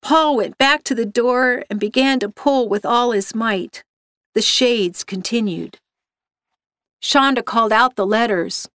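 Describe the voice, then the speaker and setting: A woman's voice: a little high, measured pace, a bit bright, no room sound. Woman narrator reading a story, dry close sound. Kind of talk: reading a short story aloud.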